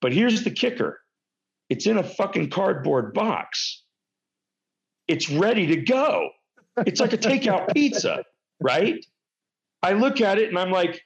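A man telling a funny story casually, animated and profane. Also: unhurried, vocal fry, pauses often, highs cut off. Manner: animated, profane, big pitch jumps.

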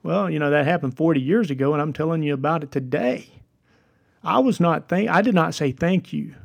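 A man's voice: fairly high pitch, animated, fairly quick, gravelly. A man, hosting a devotional podcast and telling a story in an earnest, encouraging way. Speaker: podcast host.

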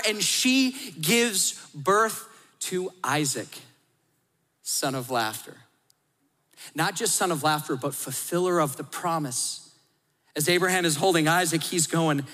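A man in his thirties delivers a lively sermon, acting out the story's voices and dropping to a hush for emphasis. His voice sits high and sounds bright and forceful. It rings with the long reverb of a large hall. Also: unhurried. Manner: animated storytelling, acts out voices, swings from loud to hushed. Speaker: pastor.

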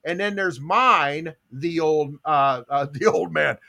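A man's voice: fairly high pitch, takes it slowly, gravelly, bright, forceful tone. A man hosting a casual podcast, telling jokey stories and laughing at his own bits. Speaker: podcast host. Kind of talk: casual chat.

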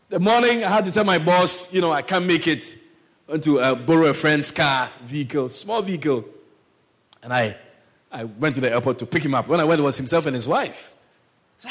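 Animated man telling a story from the pulpit. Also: fairly high pitch, moderate pace. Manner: animated storyteller, acts out quoted voices. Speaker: pastor. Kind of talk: sermon storytelling.

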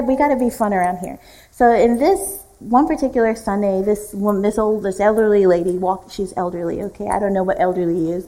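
A woman's voice: mid-range voice, low-quality recording. A woman pastor teaching a church leadership class, conversational and fond of jokes. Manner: warm, joking, conversational teaching. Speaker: executive pastor.

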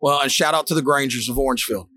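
A man, hosting a casual chat and telling lively coaching stories, shouting out quoted lines. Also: medium pitch, racing.

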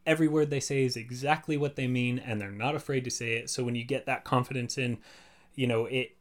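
A man who works as a voice actor, talking at length in a relaxed podcast chat, full of fillers like "like" and "you know". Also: medium pitch, a little fast. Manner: chatty, explains at length with many fillers.

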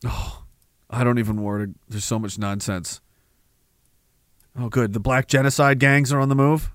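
A man's voice: mid-range voice, fairly even intonation, moderate pace, fairly bright tone, no room sound, studio quality. A man hosting a political commentary livestream, sarcastic and rambling, reading viewer messages and laughing often. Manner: reads viewer messages aloud. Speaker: livestream host.

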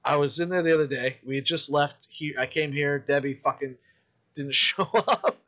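A man who makes independent films, telling stories in casual podcast chat, animated and full of swearing. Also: a little high, moderate pace, lo-fi sound. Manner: profane, animated storytelling. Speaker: independent filmmaker.

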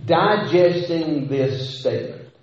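A man's voice: on the high side, takes it slowly, darkish tone. A man preaching a sermon, talking conversationally with rhetorical questions and frequent restarts. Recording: echoey hall, dull lo-fi sound.

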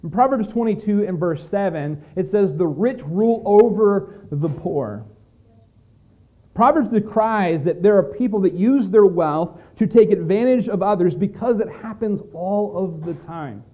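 A male pastor preaching in a conversational, storytelling way, slowing down to stress key words. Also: high voice, expressive, dark tone. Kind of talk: sermon.

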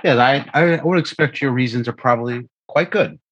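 A man voicing a friendly male merchant at a dinner, speaking in a relaxed way. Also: medium pitch, moderate pace, husky, dull audio.

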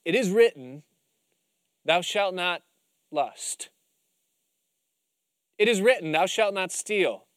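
An old lawgiver prophet testifying in a heavenly court, hesitant at first and then reciting the law in a raised voice, as a preacher puts him on. The sound is dry and close. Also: male voice, high voice, expressive, slow pace, pauses often, a bit bright, clean tone, no room sound, full character voice.

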